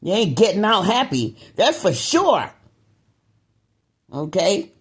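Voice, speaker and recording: A woman talking to camera in a casual monologue, excitable and emphatic, dropping to low mutters and then rising to raised, riled-up outbursts with repeated words. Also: normal speed, husky. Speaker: vlogger.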